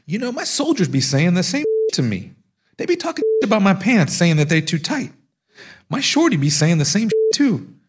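A man's voice: sits high, very animated, moderate pace, slightly rough, pitched above the performer's own voice, exaggerated voice. A man voicing a brash, swaggering big young tough guy who talks in cocky street slang. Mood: defensive.

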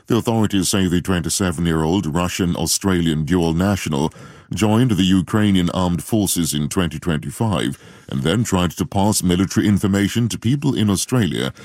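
A man reading a radio world news bulletin in a measured, formal delivery. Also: low voice, darkish tone, dry recording, studio quality. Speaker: newsreader.

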